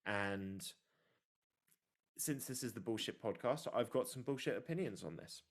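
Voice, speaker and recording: This young man speaks at normal speed with a fairly low pitch while co-hosting a podcast. The talk is casual, and he brings his stories to life by acting out what people said.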